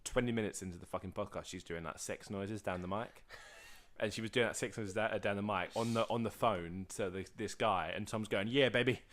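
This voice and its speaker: A man co-hosting a podcast, telling stories in a rambling, excitable way full of fillers and restarts. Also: fairly low pitch, fairly quick, slight background noise. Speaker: podcast co-host. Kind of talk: casual storytelling chat. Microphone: podcast mic.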